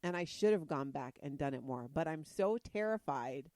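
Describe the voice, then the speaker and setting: A woman's voice: sits low, lively intonation, moderate pace, a little mellow, no echo. A woman co-hosting a podcast in casual chat, talking in a conversational way. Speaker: podcast co-host.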